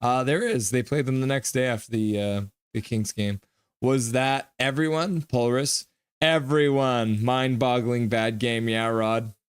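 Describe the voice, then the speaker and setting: A man's voice: medium pitch, steady tone, measured pace, clear, resonant tone. A man hosting a live stream, chatting casually, reading out viewer comments and teasing and thanking people by name. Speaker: livestream host.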